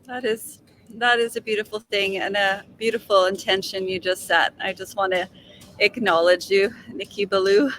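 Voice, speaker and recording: A woman hosting an interview podcast, affirming and warm toward her guest. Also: medium pitch, steady tone, normal speed, slight background noise. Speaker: podcast host.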